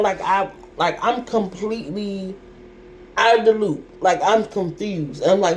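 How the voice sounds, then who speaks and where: A woman's voice: mid-range voice, a little slow, a little mellow, a little hiss or hum. A young adult woman telling a personal story to her viewers in an emotional, repetitive, colloquial way. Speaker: vlogger.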